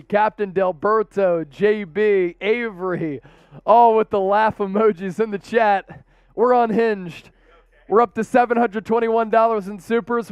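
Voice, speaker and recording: A man hosting a rowdy live-stream watch party, calling plays in an excitable, laughing, casual manner. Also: high-pitched, clean tone, no echo, dull audio. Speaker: host.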